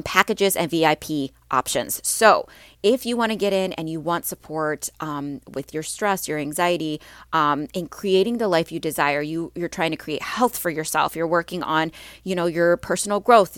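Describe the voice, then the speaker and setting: A woman's voice: on the low side, no room sound, studio quality. A woman hosting a casual solo podcast as a mindset coach, upbeat and chatty with lots of ums, her voice a little stuffy. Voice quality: slightly stuffy, clearing her throat.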